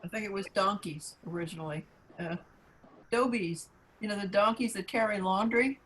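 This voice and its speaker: A man in a group video call chiming in with a quick, offhand remark. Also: sits high, fairly bright tone, a little hiss or hum, poor audio. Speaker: participant.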